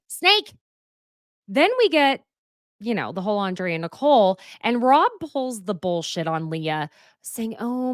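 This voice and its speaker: A young woman from Oklahoma hosting a sassy, animated recap chat, dropping into hushed asides and quoted voices. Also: mid-range voice, dry recording, clean studio sound. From Oklahoma, USA. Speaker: host.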